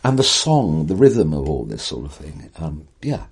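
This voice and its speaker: An older man with an exceptionally deep, husky voice, speaking as an interview guest. He talks in eloquent, wry, theatrical sentences, reaching for vivid phrasing. His pacing leans on rhythm and emphasis. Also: very animated, measured pace. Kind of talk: animated conversational storytelling.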